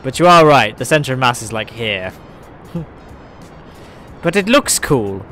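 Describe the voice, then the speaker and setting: Guy streaming a game live, slow easy talk, laughs a lot, chats to viewers. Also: medium pitch, big pitch swings, bright, forceful tone, soft background music. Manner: chatty, chuckling, talks to viewers. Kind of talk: live gameplay commentary.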